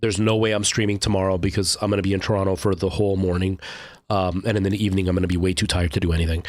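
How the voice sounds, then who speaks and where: A man in his thirties chats loosely with his stream viewers, rambling with lots of "um" and restarts. His voice sits a little low and is recorded close and dry, with no room sound. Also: no echo. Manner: rambling, chatty, many fillers and restarts. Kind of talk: casual chat with live chat.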